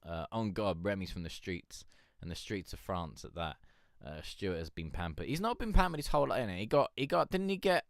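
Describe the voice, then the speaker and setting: A man's voice: deep voice, expressive, fairly quick, hardly any pauses, no echo, clean studio sound. A man hosting a music review stream, rambling and joking in casual chat. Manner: rambling, joking, swears, laughs a lot.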